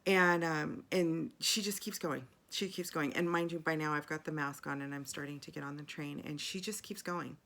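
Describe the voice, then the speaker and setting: Low gravelly-voiced woman telling a story. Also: fairly even intonation, normal speed, few pauses, fairly bright tone. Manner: chatty, rambling, many fillers and restarts. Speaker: video journal vlogger. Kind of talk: casual personal storytelling.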